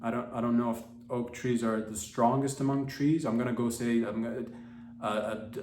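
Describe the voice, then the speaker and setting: A man's voice: mid-range voice, fairly even intonation, normal speed, darkish tone, slight background noise. Rambling man, echoey room. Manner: mock-dramatic, rambling, slangy. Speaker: podcast host. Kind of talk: rambling comedic monologue.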